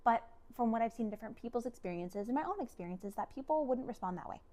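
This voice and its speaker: Woman, vlogger, personal storytelling, animated, emotional, chatty fillers. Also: a little high, fast talker. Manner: animated, emotional, lots of fillers and quoted dialogue.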